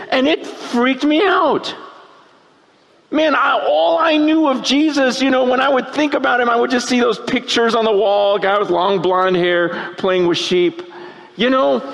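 A pastor telling a laughing personal story within a sermon, then turning earnest. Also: male voice, extremely high pitch, vocal fry, fairly bright tone.

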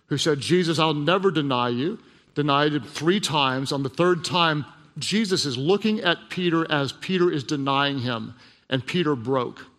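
A man preaching a sermon, telling a personal story in a hushed voice and then building to emphatic, repeated lines. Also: on the high side. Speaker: pastor. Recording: long hall reverb.

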